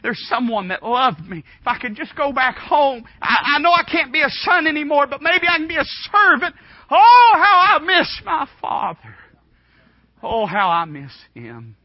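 A man's voice: high voice, lively intonation, fairly quick, husky, dry recording, pitched above the performer's own voice. Preacher doing a bratty young prodigal son, whiny and fed up with his dad, dull lo-fi sound. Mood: pleading. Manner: sulky complaining, then pleading. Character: rebellious young prodigal son, later homesick.

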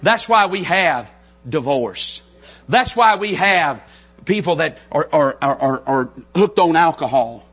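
Fervent country preacher from North Carolina. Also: male voice, lively intonation, measured pace, breathy edge. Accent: Southern US, North Carolina. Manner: fervent, builds to shouts, drops to soft intimate lows. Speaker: pastor. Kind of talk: sermon. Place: church sanctuary.

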